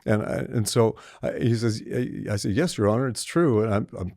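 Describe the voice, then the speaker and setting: Older guy spinning a long yarn, low voice, lots of restarts, dry close mic. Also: moderate pace, vocal fry, no room sound. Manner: rambling, animated storyteller, acts out quoted voices, many restarts. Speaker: podcast co-host. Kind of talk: storytelling in casual chat.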